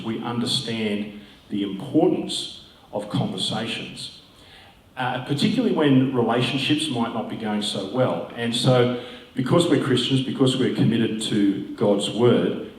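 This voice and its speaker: A man, a pastor giving a conversational talk with musing asides. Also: medium pitch. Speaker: pastor and guest speaker. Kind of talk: informal talk to an audience. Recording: roomy hall, distant mic.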